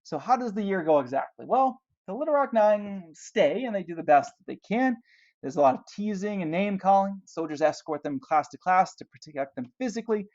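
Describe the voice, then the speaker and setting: A man delivers a classroom history lecture, walking listeners through pictures and posing rhetorical questions along the way. His voice sits a little high for a man. The recording sounds dull and lo-fi. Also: expressive, a little fast, a little mellow. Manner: explanatory, asks rhetorical questions, points to pictures. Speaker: history teacher.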